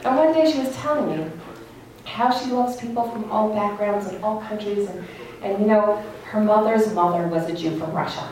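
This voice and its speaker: A woman's voice: mid-range voice, moderate pace, a little mellow, recorded from a distance. Woman teaching in an echoey hall. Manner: earnest, storytelling, laughs at own anecdote. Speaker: Torah teacher. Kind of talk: religious lecture. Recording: echoey hall, speaker away from mic.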